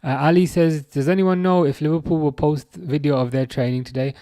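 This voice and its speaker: A man's voice: on the high side, fairly even intonation, a little fast, mellow, dry recording, clean studio sound. A man hosting a casual football livestream, reading out viewer comments and answering them, hesitant and full of fillers and restarts. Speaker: livestream host.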